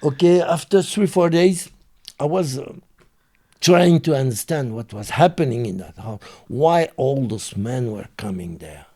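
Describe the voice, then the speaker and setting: A man with a French accent, a guest telling his story in halting, broken English with many fillers. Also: medium pitch, expressive, mellow. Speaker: interview guest. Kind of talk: casual storytelling.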